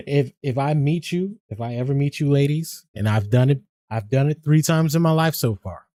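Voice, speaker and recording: A man talks loosely to his stream audience, rambling from one thought to the next and peppering it with swearing and laughs. His voice sits a little on the high side for a man, and it is recorded close and dry with no room sound. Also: very animated, measured pace, warm tone, no room sound. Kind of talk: casual stream chat.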